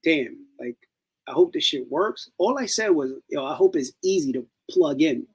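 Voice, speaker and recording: A man's voice: on the high side, moderate pace, husky, poor audio. A man co-hosting a podcast in casual chat, telling stories and slipping into playful voices. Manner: animated storytelling with playful put-on voices. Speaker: podcast co-host.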